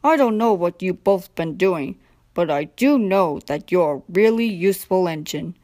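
A woman's voice: lowish voice, lively intonation, normal speed, warm tone, close to an everyday voice. A young woman doing a firm railway boss man. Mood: approving. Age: young adult. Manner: firm, scolding then approving. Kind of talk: storybook character voice.

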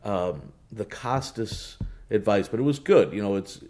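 A man with a fairly low voice speaks as a race announcer being interviewed. He tells his stories loosely, circling back with fillers and restarts. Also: measured pace. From United States. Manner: relaxed storytelling with many restarts and fillers. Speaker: horse racing announcer, guest. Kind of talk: casual interview talk.

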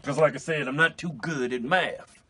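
A man co-hosting a comedy video, trading crude, teasing banter and breaking into loud high laughter. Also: moderate pace. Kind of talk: joking banter with a twin brother.

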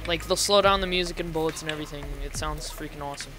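A man's voice: fairly high pitch, fairly even intonation, rapid-fire. Man, from Indiana, gamer, casual commentary, teasing, goofy, headset mic, game music behind. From Indiana, United States. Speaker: gamer host.

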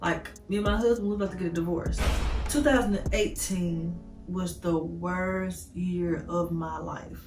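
A woman's voice: fairly low pitch, steady tone, measured pace, echoey room, distant mic, music in the background. A woman vlogger telling an emotional storytime, candid and rambling, speaking straight to her viewers. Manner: talks straight to viewers as "y'all".

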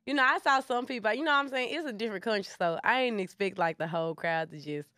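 A woman's voice: medium pitch, quick pace, bright, forceful tone, dry recording, clean studio sound. A woman, a rapper chatting as an interview guest in a laid-back, slangy way. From Memphis, USA. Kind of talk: casual interview chat.

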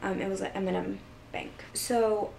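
A woman's voice: mid-range voice, fairly even intonation, moderate pace, gravelly, darkish tone. A woman vlogger casually retelling a personal story, rambling with lots of fillers. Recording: voice a bit far from mic, faint background hiss.

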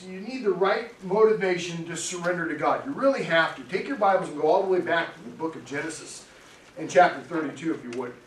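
A middle-aged pastor's high, somewhat bright voice fills a church sanctuary as he preaches in a conversational, storytelling style, laughing often. The distant mic picks up the hall's echo and faint noise.

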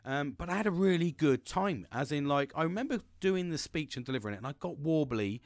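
Slightly high and expressive, this middle-aged man's voice moves briskly with no room sound as he hosts a podcast. He rambles frankly through a personal story, swears constantly, and keeps restarting.

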